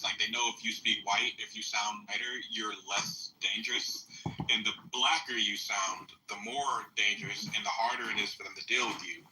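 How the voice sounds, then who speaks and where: A man's voice: fairly low pitch, pushed and bright, far from the mic, a little hiss or hum, rough recording. A man on a talk stream, talking bluntly and profanely in a heated casual debate. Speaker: panelist.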